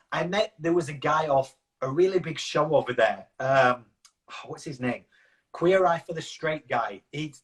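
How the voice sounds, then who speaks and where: A man's voice: a little high, fairly bright tone. Rambling Yorkshire man telling stories. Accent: Yorkshire English. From Yorkshire, England. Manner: rambling, anecdotal, quotes himself and others. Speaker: interview guest. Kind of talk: casual interview storytelling.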